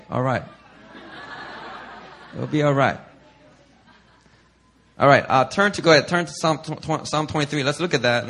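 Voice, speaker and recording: A male pastor preaching a sermon in an animated, emphatic way, calling out questions to the congregation. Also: on the high side.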